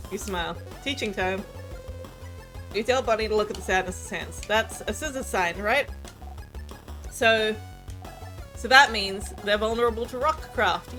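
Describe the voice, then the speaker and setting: A woman's voice: medium pitch, a little slow, pauses often, a bit bright, soft background music. A woman streaming a game, casually chatting and reading the story text aloud. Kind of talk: casual let's-play narration.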